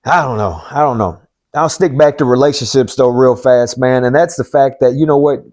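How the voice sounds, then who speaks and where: A man with a drawl speaks off the cuff to his viewers, like a life coach. He is blunt, swears freely and hammers points home by repeating them. His voice sits at an ordinary middle pitch. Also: normal speed, a little mellow. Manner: blunt and profane, preachy, repeats himself for emphasis. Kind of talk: unscripted motivational monologue.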